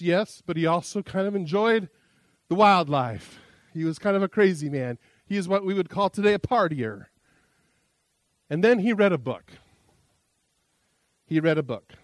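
A man's voice: high-pitched, animated, normal speed, long pauses, no room sound. A man preaching a sermon as pastor, a chatty, self-deprecating storyteller who often restarts his sentences.

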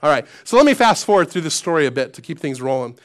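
A man's voice: a little high, sing-song, quick pace. A male pastor giving a conversational sermon, telling stories, poking fun at himself and asking the congregation questions. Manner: conversational, self-deprecating storyteller.

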